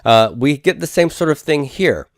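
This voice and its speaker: A man's voice: fairly high pitch, expressive, moderate pace, dry recording, studio quality. A man teaching a recorded lesson, explaining step by step in a patient, methodical way with frequent fillers. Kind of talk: recorded classroom lecture.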